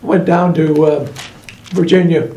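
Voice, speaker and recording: A man with a high, gravelly voice tells a story in halting bits, stopping often on "uh." He sounds roomy and echoey, with faint background noise around him. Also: steady tone, warm tone. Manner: hesitant, many uh pauses and restarts. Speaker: Bible study participant. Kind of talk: halting personal anecdote.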